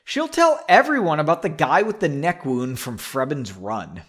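A man's voice: fairly high pitch, big pitch swings, moderate pace, fairly bright tone, slightly rough, full character voice. A man reading aloud and voicing a wary young woman who speaks in a mocking, suspicious way.

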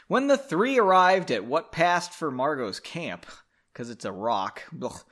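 A sarcastic man reads his own novel aloud, drink in hand, and keeps cutting in to mock it with swearing and self-deprecating jokes. His voice sits a little high and swings widely in pitch. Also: big pitch swings, a little slow, sharp tone. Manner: sarcastic, profane, self-mocking. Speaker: podcast host reading his own novel. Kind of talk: comic read-aloud with asides.

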